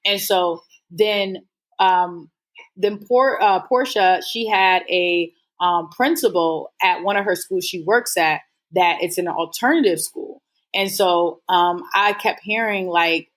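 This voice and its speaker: A woman's voice: on the low side, takes it slowly. A woman guest telling her story in a casual interview, earnest and rambling with lots of fillers. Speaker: guest entrepreneur.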